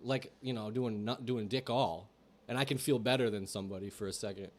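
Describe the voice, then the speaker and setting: A man's voice: on the low side, brisk, a loud crowd. A young man on a podcast, casually telling rambling, profane stories about his old delivery job. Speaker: podcast co-host. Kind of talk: casual storytelling chat.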